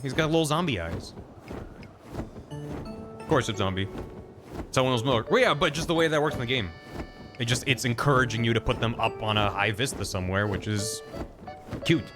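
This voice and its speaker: A man streaming a video game who thinks aloud in a rambling, casual way and reads in-game text out loud. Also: medium pitch. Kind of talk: casual gameplay commentary. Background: game music.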